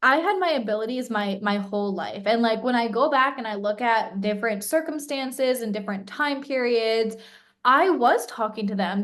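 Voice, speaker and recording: A young woman co-hosting a podcast in casual chat, talking with lots of "like" fillers and acting out what others said. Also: fairly high pitch. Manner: chatty, many "like" fillers, acts out quoted voices. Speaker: podcast co-host.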